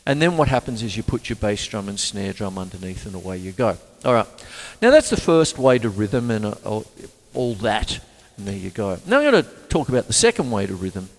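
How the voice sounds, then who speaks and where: Lively older drum teacher. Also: male voice, fairly low pitch, a little fast. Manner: chatty, sings rhythms aloud. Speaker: drum teacher and show host. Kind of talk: casual drum lesson. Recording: reverberant room with drums.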